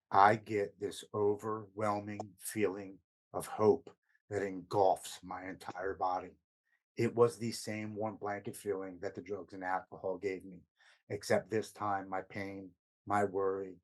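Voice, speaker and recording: Man, guest on a podcast, earnest personal storytelling, fairly low voice, halting repeats. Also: poor audio.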